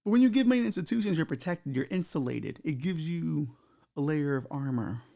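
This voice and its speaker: Male podcast host, fairly high and gravelly, loose and profane, riffs in a comedic monologue. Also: animated, brisk, mellow. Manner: loose, profane, riffing with asides.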